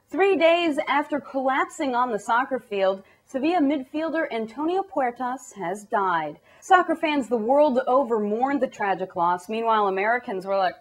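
A woman's voice: fairly high pitch, lively intonation, normal speed, hardly any pauses. A young woman hosting a comic news parody, delivering headlines with sarcastic asides. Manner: sarcastic, mocking impressions.

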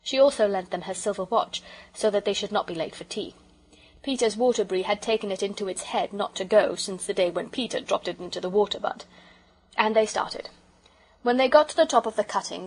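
An audiobook narrator, a woman, reads a children's book in a gentle, measured way. Her husky, breathy voice sits at an ordinary middle pitch. The recording quality is low.

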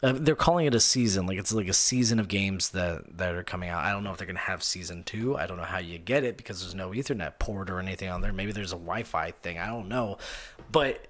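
A man's voice: low voice, fast, fairly bright tone. A male gaming show host ranting live, sarcastic and incredulous, rambling through restarts and reading viewer comments aloud. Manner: rambling with many restarts and fillers. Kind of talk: live-streamed gaming rant.

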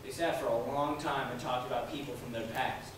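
A young man playing an intense, troubled teenage son in a live stage monologue, speaking theatrically and swinging between hushed and loud passages. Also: medium pitch, steady tone, fairly quick, lightly acted. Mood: feverish. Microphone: distant room mic. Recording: distant, echoey theatre hall, noisy.

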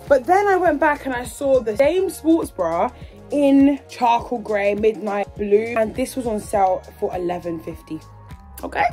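A woman's voice: a little high, darkish tone. A teenage girl from England chatting casually and bubbly through a shopping haul vlog. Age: teens. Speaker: vlogger. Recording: faint music in the background.

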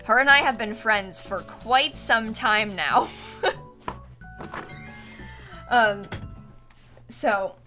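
A woman's voice: on the high side, drawn-out words, pauses often, bright, forceful tone. A young woman streaming a game, chatting casually and giggling with her viewers, with music playing behind her. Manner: chatty, giggly, talks to her cat in a sing-song voice. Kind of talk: casual live-stream chat.

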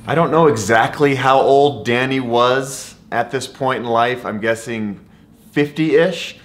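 A man's voice: mid-range voice, unhurried, faint music behind. Enthusiastic male vlogger with an everyday mid-range voice, chatty storytelling. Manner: enthusiastic, conversational. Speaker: travel vlogger. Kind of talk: storytelling to camera.

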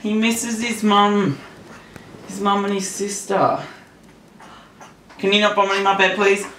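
A man chatting to his new puppy at home at night in soft, doting baby talk, often shushing it. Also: high voice, little pitch movement, measured pace. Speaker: vlogger. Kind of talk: casual chat with a new puppy. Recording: roomy echo, faint room noise.

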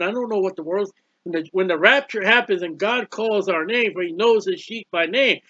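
A man preaching a bible sermon, emphatic and repetitive, building to loud exclamations. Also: high voice, no room sound. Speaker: street preacher. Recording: dull muffled lo-fi audio.

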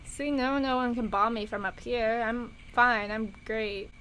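Gaming YouTuber, woman, bright slightly high voice, excitable and foul-mouthed commentary. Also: a little slow, slight background noise, rough recording. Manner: excitable, swears and shrieks at the game. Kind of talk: casual gameplay commentary.

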